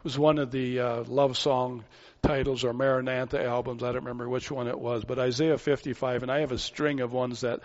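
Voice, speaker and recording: A man's voice: mid-range voice, level tone, fairly quick, a little mellow. An older man giving an expository sermon as a pastor, earnest and thinking aloud, often repeating words as he goes. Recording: dull lo-fi recording.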